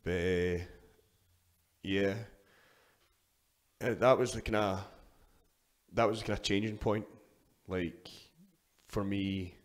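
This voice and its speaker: A young Scottish man, a powerlifter appearing as a guest in a casual interview, tells stories with free swearing and frequent sentence restarts. His voice is low-pitched and fairly even, and he talks slowly with long pauses.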